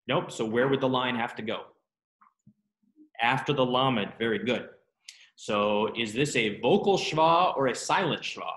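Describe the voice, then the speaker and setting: A man teaching a Hebrew grammar class, talking students through the exercises with relaxed, self-deprecating asides and quick questions. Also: medium pitch, roomy sound. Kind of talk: classroom lesson.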